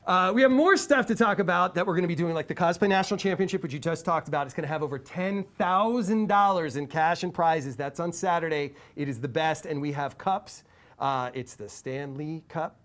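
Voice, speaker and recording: Breathless high-voiced male event host. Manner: energetic hype, rapid lists of events. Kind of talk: promotional live-stream announcement.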